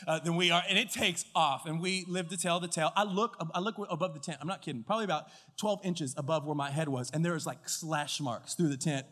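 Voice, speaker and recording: A male pastor preaching a sermon, telling a story with acted-out dialogue and lively delivery. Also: fairly high pitch, fast talker, few pauses, big-room sound. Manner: animated storyteller, acts out dialogue and shouts at climaxes. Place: church auditorium. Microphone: stage mic with floor monitor.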